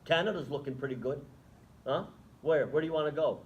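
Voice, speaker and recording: A man's voice: fairly high pitch, expressive, quick pace, rough recording. Man giving a chatty religious lecture. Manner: conversational, asks the audience rhetorical questions. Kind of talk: Islamic talk to students with Q&A. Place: lecture room.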